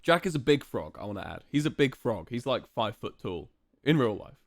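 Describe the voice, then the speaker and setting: A man's voice: medium pitch, sing-song, a little fast, no room sound, studio quality. A young man streaming live, chatting casually and playfully to his viewers with lots of fillers.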